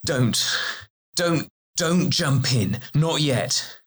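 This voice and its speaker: A man's voice: on the high side, lively intonation, drawn-out words, breathy edge, heavily acted. A man playing an eager, homesick warrior. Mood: tense. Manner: eager, earnest. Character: hopeful, eager male warrior longing for home. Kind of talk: audiobook character reading.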